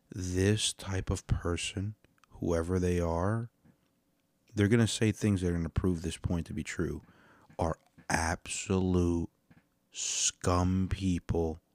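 Deep-voiced man ranting on a podcast. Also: no room sound. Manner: rambling, profane, animated storyteller. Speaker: podcast host reacting to videos. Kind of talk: casual comedic commentary.

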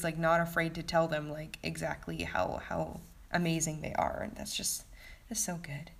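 A woman with a slightly low voice talks through a set of TV episodes in a loose, unscripted review. She rambles and fills nearly every pause with "like" and "um". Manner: rambling, heavy use of "like" and "um". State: sleepy. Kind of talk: casual spoken review.

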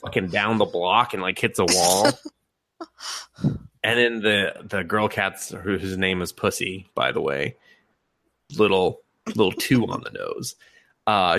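A man on a podcast retells a cartoon plot in animated casual chat, laughing and swearing as he goes. His voice sits a bit low yet has a sharp, bright edge. The sound is dry and close. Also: a little slow, creaky, pauses often, no echo. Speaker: podcast co-host.

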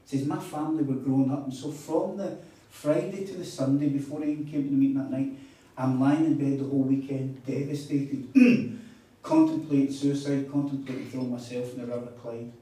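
A man's voice: medium pitch, steady tone, brisk, warm tone. A man preaching a sermon, telling stories with emphatic repeats. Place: hall at a retreat. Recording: echoey hall, mic far off.

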